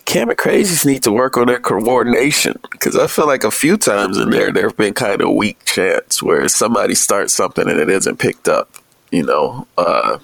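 A man talking casually as a sports reporter guest on a podcast, relaxed, with fillers and laughs. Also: lowish voice, normal speed, creaky, no echo.

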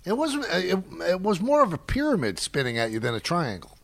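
A man's voice: sits high, wildly swooping pitch, a little fast, no echo. An older man co-hosting sports talk radio, blunt and scolding with wry asides.

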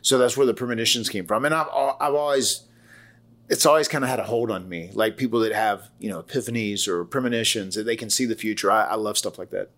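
A man's voice: fairly low pitch, fast, a bit bright. A man in his forties with a Southern US accent, co-hosting a casual podcast and telling rambling stories full of quoted voices and restarts. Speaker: wrestler and podcast co-host.

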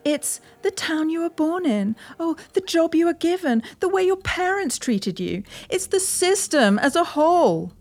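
A woman's voice: very high-pitched, big pitch swings, measured pace, hardly any pauses, full character voice. A woman with a British accent, playing the lecturing inner voice of a man's primal brain in an audio drama. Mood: urgent. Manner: condescending, lecturing, sharp. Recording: voice over music bed.

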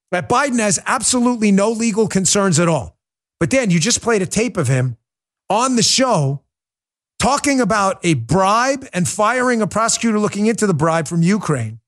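A man hosting a political talk show, speaking emphatically and combatively, often mocking opponents. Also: high voice. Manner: emphatic, combative, mocks opponents in put-on voices. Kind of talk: fiery political commentary.

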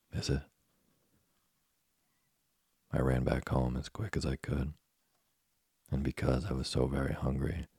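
A man's voice: rumbling low, gravelly, dark tone, slightly rough, no echo, clean studio sound, exaggerated voice. A man voicing a hungry, whiny wooden puppet boy in a storybook reading, complaining and petulant.

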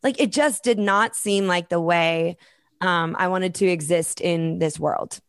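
A woman's voice: fairly low pitch, measured pace, clean tone, no echo, studio quality. A woman guest on a podcast, chatting casually and animatedly, telling personal stories. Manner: animated storyteller, quotes family in lively voices. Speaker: podcast guest, storytelling speaker. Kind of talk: casual conversational interview.

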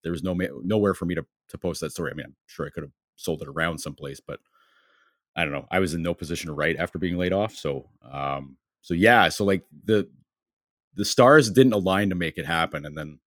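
Low-voiced man telling a rambling story. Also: fairly quick, fairly bright tone, dry recording, clean studio sound. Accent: Western New York. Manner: rambling anecdotes, many fillers and acted-out quotes. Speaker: sports writer. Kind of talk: casual storytelling on a podcast.

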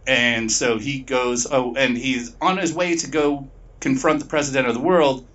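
A man's voice: medium pitch, fairly even intonation, a bit bright, distant mic, highs cut off. Rambling, profane man recapping a plot. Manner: profane, rambling retelling with quick put-on voices. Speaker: podcast co-host.

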